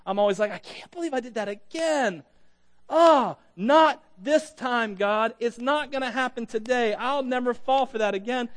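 Man, high voice, pastor, sermon, conversational, self-deprecating. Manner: conversational, self-deprecating, chuckles between points. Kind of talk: sermon with scripture reading.

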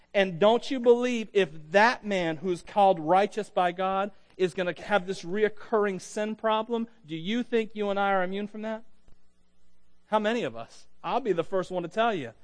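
High-voiced man preaching a sermon. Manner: conversational, self-deprecating, chuckles between points. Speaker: pastor. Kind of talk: sermon with scripture reading.

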